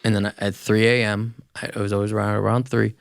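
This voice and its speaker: A man's voice: lowish voice, flat delivery, fast talker, creaky, dry recording, studio quality. A man speaking as a guest on a podcast, talking in plain, blunt casual chat.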